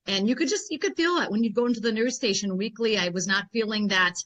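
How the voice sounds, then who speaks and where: Woman guest, health professional, animated storyteller, mid-pitched, leans on fillers. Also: fast talker. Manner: rambling, animated, many "I mean" and "like" fillers. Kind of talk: casual interview storytelling.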